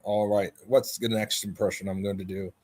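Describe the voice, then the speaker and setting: Guy running a stream, rambly and mocking, bit husky. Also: fairly low pitch, little pitch movement, moderate pace, darkish tone. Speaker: livestream host. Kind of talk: casual chat.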